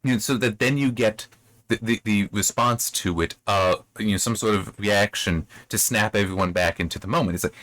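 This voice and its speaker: A man giving a casual spoken critique of a book chapter, rambling with many restarts and sudden rises in pitch when he gets worked up. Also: normal speed, fairly bright tone, slight background noise. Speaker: book reviewer.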